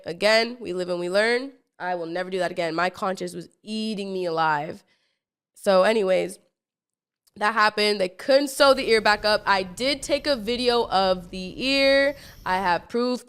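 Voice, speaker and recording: A young woman in her twenties hosts a podcast and recounts a wild personal story, casual and rambling, packed with stumbles, restarts and fillers. She is animated and acts out what people said, in a smooth, medium-pitched voice.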